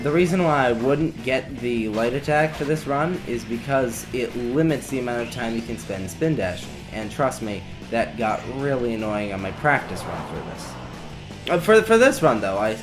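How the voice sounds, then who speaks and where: This young man's casual gameplay commentary rambles, full of wry and sarcastic asides, as video game music plays underneath. He speaks at a moderate pace in an expressive, medium-pitched voice.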